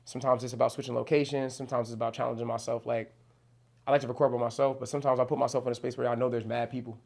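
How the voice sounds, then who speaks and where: Very fast and flat, with a creaky, darkish medium-pitched voice, a young New Jersey rapper speaks casually as an interview guest. His talk is slangy and loose, peppered with swearing and repeated "you know what I'm saying."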